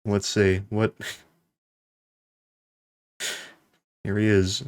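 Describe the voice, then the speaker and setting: Low-voiced rambling young man streaming. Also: flat delivery, very slow, clean tone, dry recording. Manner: rambling, laughing often, swearing. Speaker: live streamer. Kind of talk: casual live-stream chat.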